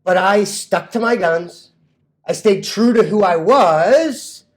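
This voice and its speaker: A young man talks in a cocky, brash vlog rant about trading. His voice sits high for a man. He jokes loosely and laughs at his own lines. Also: slow. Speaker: stock vlogger.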